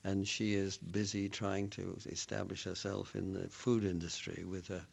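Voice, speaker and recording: A man's voice: low-pitched, level tone, moderate pace, gravelly, slightly rough. An older man, an actor and author from Scotland, answering radio interview questions in a rambling, anecdotal way with frequent restarts.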